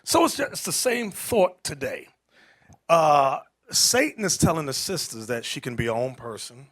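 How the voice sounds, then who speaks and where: A man teaching a Bible class, preaching emphatically, calling out to the room and rising to shouts, with casual street-style asides. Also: on the high side, moderate pace. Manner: animated and emphatic, calls out to the room, rises to shouting.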